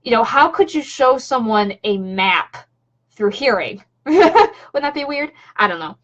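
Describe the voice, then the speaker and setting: A woman's voice: a little high, big pitch swings, unhurried. A woman vlogger chatting casually on a home live stream, rambling with lots of fillers and restarts. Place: home room.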